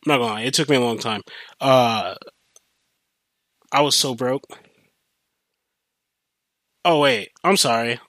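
A young man hosting a podcast, telling a rambling, profane story in a casual, animated way with many restarts. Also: mid-range voice, measured pace, pauses often, no room sound. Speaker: podcast host.

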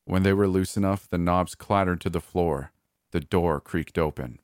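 Very deep-voiced male horror narrator. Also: dry recording, studio quality. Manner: measured, calm first-person telling. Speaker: storyteller.

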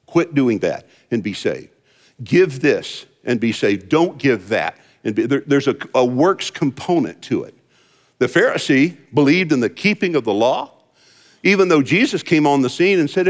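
A man preaching a sermon, telling a parable with lively emphasis and acting out the characters' lines. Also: mid-range voice, normal speed. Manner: lively storytelling preacher, acts out quoted voices. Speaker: pastor. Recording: long hall reverb.

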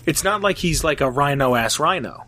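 A man's voice: a little high, animated, normal speed, sharp tone. A young man in casual chat, rambling with lots of fillers and swearing. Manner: rambling, filler-heavy, profane.

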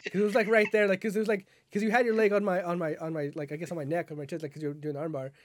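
Guy with a high voice rambling about wrestling on a podcast, dry close mic, keeps restarting his sentences. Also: little pitch movement, rapid-fire, dry recording. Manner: rambling, self-correcting, laughs at himself. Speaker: podcast co-host. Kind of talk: casual chat.

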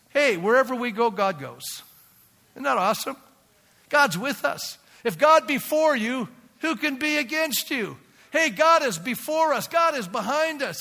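Male pastor, forceful bright tone, preaching with rising intensity in a reverberant church. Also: high voice. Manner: emphatic, rising to shouts, calls for amens. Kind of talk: sermon.

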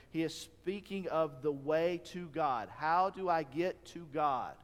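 A man delivers a sermon in an earnest, conversational style and keeps asking his listeners rhetorical questions. His voice sits fairly high for a man. The sound rings with the long reverb of a large hall. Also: a little slow. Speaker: pastor.

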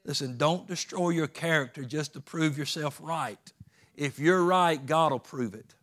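A man's voice: on the high side, unhurried, a bit bright. A man preaching a sermon in a folksy, emphatic way, with plain rural grammar.

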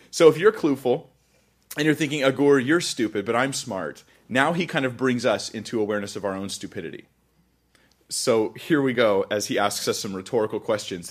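A male pastor teaching scripture in a chatty, self-deprecating way, with frequent laughs. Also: lowish voice. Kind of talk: conversational Bible teaching.

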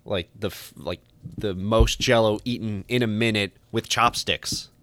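A man co-hosting a podcast, chatting casually and rambling through animated stories and asides. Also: on the low side, unhurried, no room sound. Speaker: podcast co-host. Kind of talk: casual chat.

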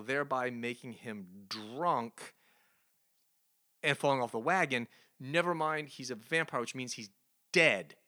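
A man's voice: mid-range voice, pushed and bright. A man co-hosting a casual comic book review podcast, recapping the story with sarcastic mockery and rhetorical questions. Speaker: podcast co-host.

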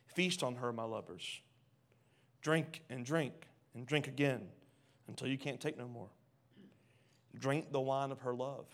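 A man preaching a sermon, reading scripture aloud and questioning the congregation, swinging from hushed lines to loud ones. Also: medium pitch, measured pace. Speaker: pastor.

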